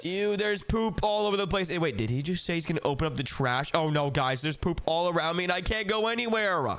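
A young adult gaming host giving excited, dramatic play-by-play with role-play, talking straight to the viewers. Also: medium pitch, a little fast.

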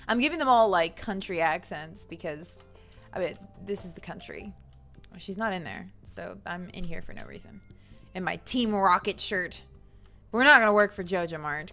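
A woman's voice: fairly low pitch, moderate pace, faint music behind. A young woman hosting a casual gaming channel, commentating her play with frequent squeals and giggles. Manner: excitable, squeals and giggles often.

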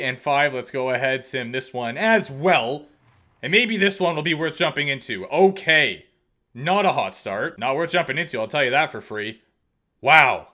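A young man talks through a hockey video game in a loose, self-mocking way and breaks into excited outbursts. His voice is bright and forward. He sits a little higher than most men. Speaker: gaming YouTuber. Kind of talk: casual gameplay commentary.

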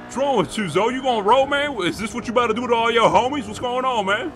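A man roleplaying a gang member in a crime game, frantic and swearing, repeating himself as he yells for help. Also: extremely high pitch, fast talker, noisy background. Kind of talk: in-character GTA roleplay.

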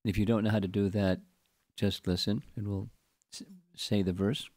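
An older man with a lowish voice teaches a scripture class, reading a long commentary slowly and with care. The sound is close and dry, with little room around it. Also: flat delivery, a little mellow, no room sound. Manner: slow, deliberate reading with chanted verse recitation.

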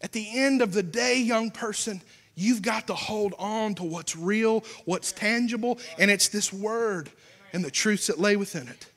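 A young man with a Southern American accent preaching a sermon with passion, going from shouts down to a hushed near-whisper. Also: high voice, unhurried. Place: church. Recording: long church hall reverb.

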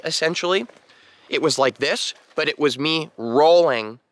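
Young male vlogger, animated storyteller, bright tone, dry mic. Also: mid-range voice, dry recording. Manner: animated, imitates beeping sounds. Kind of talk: casual storytelling to camera.

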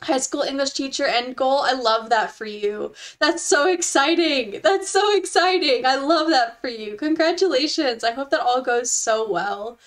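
A young woman with a bright, high voice gushes and giggles as she chats casually with her stream viewers. Her talk is effusive and warm toward the chat, all excitement and affection. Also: moderate pace, few pauses.

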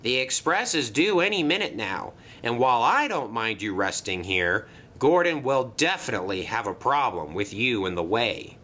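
A man voicing a brisk, practical male station master. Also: mid-range voice, big pitch swings, pushed and bright.

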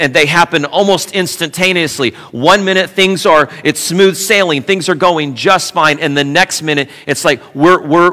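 Man, pastor, sermon, bright forceful tone, slightly high voice, animated, playful asides, church hall reverb. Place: church sanctuary.

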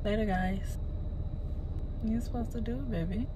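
A woman's voice: fairly high pitch, moderate pace, background noise. A woman, co-hosting a casual vlog with playful, teasing chat from a car. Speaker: vlog co-host. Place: in a car, on the move.

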